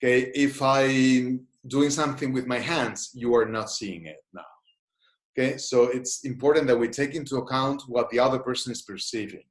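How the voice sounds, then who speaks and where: With a medium-pitched voice at normal speed, a gestalt therapist gives an online seminar. He explains concepts thoughtfully and asks listeners to try brief exercises, and the room echoes noticeably.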